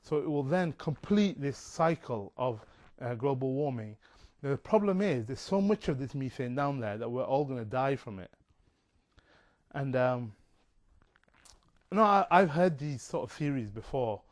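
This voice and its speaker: Man, casual rambling talker, digressive, lots of "um" and "you know", mid pitch. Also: animated, unhurried. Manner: chatty, digressive, many fillers.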